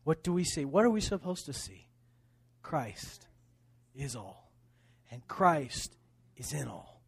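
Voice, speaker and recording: A man preaching a sermon as pastor, with emphatic repeated phrases, swinging from quiet to loud. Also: on the high side, big pitch swings, slow, vocal fry, slightly rough, no room sound.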